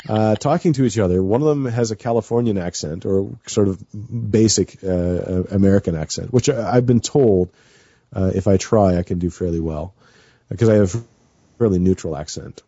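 A man's voice: sits low, moderate pace, dark tone, husky, dry recording, muffled recording. A man chatting as a guest on a radio show, nervous and rambling with many fillers and restarts. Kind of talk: casual chat.

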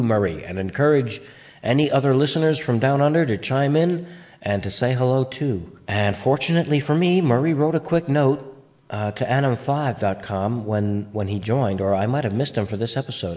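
A man hosting his own podcast, talking casually into a home microphone. He rambles, catches himself mid-sentence and throws in playful asides. His voice sits at an ordinary middle pitch for a man. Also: darkish tone. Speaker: podcast host.

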